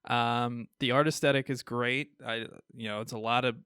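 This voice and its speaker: Midwestern male podcast co-host, smooth clear voice, dry close sound, upbeat and chuckly in casual chat. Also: medium pitch, steady tone, moderate pace, bright, forceful tone, no room sound. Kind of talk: casual chat reviewing comics.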